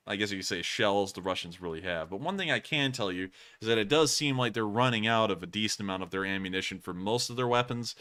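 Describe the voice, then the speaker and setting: A tired man hosts a casual livestream with a bright, forward edge to his voice. He drawls through his answers, apologizes for being worn out and keeps going, like someone running on coffee late at night. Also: on the low side, smooth. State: exhausted, yawning. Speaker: livestream host.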